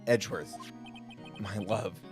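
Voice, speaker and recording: A man voicing a smitten young male defense attorney in a low, mumbling, mock-romantic way. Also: slow pace, soft background music. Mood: longing.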